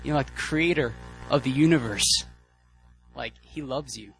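Excitable, casual young-sounding preacher man. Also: mid-range voice, normal speed, vocal fry, soft background music, rough recording. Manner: casual, excitable, lots of fillers and restarts. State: out of breath. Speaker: guest preacher. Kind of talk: sermon.

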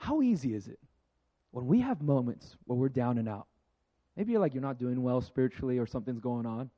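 A man's voice: medium pitch, very animated, a little fast, lo-fi sound. A man preaching a conversational sermon, laughing often and acting out the voices he quotes. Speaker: pastor.

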